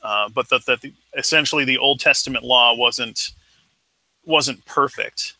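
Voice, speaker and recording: A man co-hosting an online discussion show, talking in a measured, hesitant way with repeated words. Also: mid-range voice, gravelly, bright, forceful tone, no room sound, poor audio. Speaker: podcast co-host. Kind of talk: casual chat.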